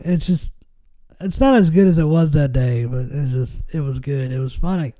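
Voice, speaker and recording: A stuffy-nosed man hosts a podcast in loose casual chat. His voice sits a bit high yet very dark and mellow in tone. He rambles, halts, and restarts through a stream of fillers. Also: moderate pace. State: stuffy nose. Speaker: podcast host.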